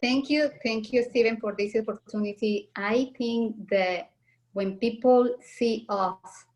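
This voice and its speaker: A woman with non-native English offers thanks to her mentors. She speaks slowly, pausing to find each word. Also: a little high, darkish tone. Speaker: guest business owner. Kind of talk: casual thank-you speech.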